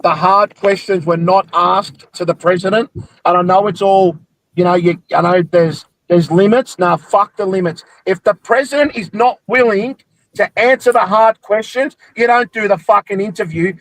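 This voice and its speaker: A young Australian man rants hard about his football club, swearing constantly and pushing his voice up high. His delivery is angry and relentless. The sound is dry and close, with no room around it. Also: moderate pace, fairly bright tone, dry recording, rough recording. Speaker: football podcast host. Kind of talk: heated post-game rant.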